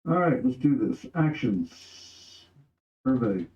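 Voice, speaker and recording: A man's voice: medium pitch, sing-song, slow, a little mellow, roomy sound, lo-fi sound. A man playing a tabletop game, carefully checking the rules before he acts. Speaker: player.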